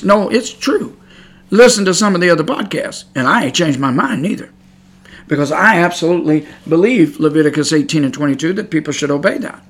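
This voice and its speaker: A man's voice: a little high, lively intonation, normal speed. A middle-aged man giving an emphatic religious podcast monologue, repeating himself and growing heated. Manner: emphatic, repetitive, grows heated and loud. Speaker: podcast host.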